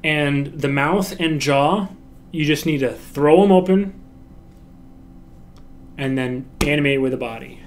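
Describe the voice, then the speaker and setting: Slow-talking man giving an animation lecture. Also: a little high, slight background noise. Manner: demonstrates lines and laughs aloud, with restarts. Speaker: animation instructor. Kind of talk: recorded lecture.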